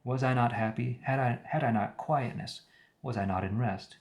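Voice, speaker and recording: A man's voice: medium pitch, creaky, a little mellow. A man reading the Bible aloud on a live stream, stopping now and then to paraphrase old words and add his own comments. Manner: reads archaic text, pausing to paraphrase words and comment.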